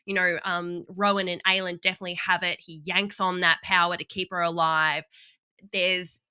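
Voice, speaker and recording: A woman co-hosting a podcast, talking excitedly and casually about books, sometimes losing her train of thought. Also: fairly low pitch, moderate pace, clean tone. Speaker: podcast co-host. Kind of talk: casual book discussion.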